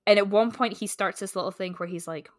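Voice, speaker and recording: A woman's voice: medium pitch, fast talker, dry recording, studio quality. A woman co-hosting a book podcast, chatting casually with lots of "like" and "um" and reading romance passages aloud. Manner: chatty, lots of "like" and "um", reads prose smoothly.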